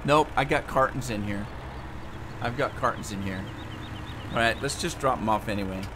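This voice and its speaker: A man's voice: medium pitch, normal speed. Chatty American man streaming a game. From United States. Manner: chatty, thinks aloud and answers viewers' chat. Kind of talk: live gameplay commentary. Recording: game vehicle engine noise behind.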